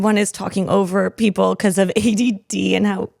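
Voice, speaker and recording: A woman's voice: mid-range voice, flat delivery, moderate pace, creaky, darkish tone, dry recording, studio quality. A young adult woman from Canada hosting a podcast, chatting and laughing often, then reading a story aloud. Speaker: podcast host. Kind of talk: casual chat and reading stories aloud.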